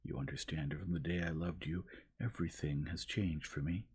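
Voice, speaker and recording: A man voicing an anguished young noblewoman who is tearful and proud, speaking in a trembling, breathy, pleading whisper as whispered role-play in a soft storybook reading. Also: very deep voice, fairly even intonation, fairly quick, full character voice. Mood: pleading, distraught.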